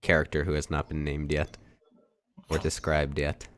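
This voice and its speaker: A man narrating as dungeon master in a tabletop game, relaxed and hesitant, with many fillers. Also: rumbling low, moderate pace, clean tone.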